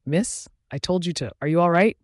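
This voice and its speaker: A man's voice: on the high side, brisk, no echo, studio quality, pitched above the performer's own voice, close to an everyday voice. A man voicing a male wolf pack border guard in an audiobook, calling out plain warnings and questions. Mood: firm, puzzled.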